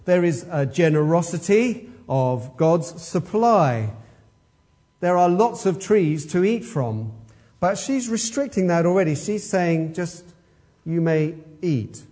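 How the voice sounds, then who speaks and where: A man's voice: sits high, animated, slow pace, dark tone. A man preaching an expository sermon, emphatic and fond of rhetorical questions.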